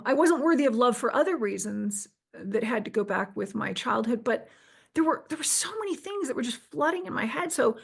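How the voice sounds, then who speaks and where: Middle-aged woman guest, higher voice with a gravelly fry, recounting her experience earnestly. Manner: earnest, restarts and quotes herself. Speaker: interview guest. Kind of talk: personal storytelling.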